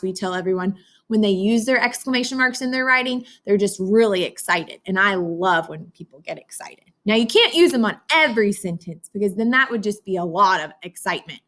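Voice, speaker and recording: A woman's voice: medium pitch, fairly bright tone. A woman teacher giving a read-aloud phonics lesson to young children, encouraging them and talking to them as if they could answer. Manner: sing-song, encouraging, talks to kids as if they can answer.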